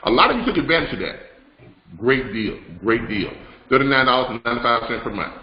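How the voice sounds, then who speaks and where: A very animated man with a medium pitch talks quickly as he runs a live online business broadcast. He rambles through announcements and teaching with plenty of fillers and restarts, and the recording sounds roomy and a bit dull.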